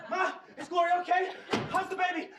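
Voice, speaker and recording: An actor playing an excitable, panicky young husband with a jittery New voice in a sitcom. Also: male voice, extremely high pitch, fairly quick, very noisy. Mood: frantic. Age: young adult. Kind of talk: sitcom acting.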